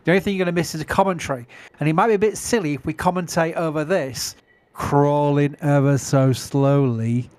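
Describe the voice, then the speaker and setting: A middle-aged man with a Yorkshire English accent chats casually on a livestream. His voice sits a little high, and he is self-mocking and laughs easily. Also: fairly even intonation, a little fast, darkish tone. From England. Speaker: livestream commentator.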